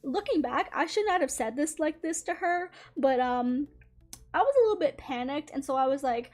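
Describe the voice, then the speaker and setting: A woman's voice: high voice, lively intonation, normal speed, a little mellow. A young woman chatting casually as she tells a story while drawing, swearing often and laughing along the way. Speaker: drawing channel host.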